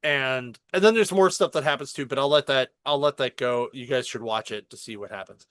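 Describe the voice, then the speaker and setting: Excitable man retelling a show. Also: mid-range voice, brisk, no echo. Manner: excited storytelling, swearing, acting out dialogue. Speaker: podcast co-host. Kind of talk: casual chat, retelling a show.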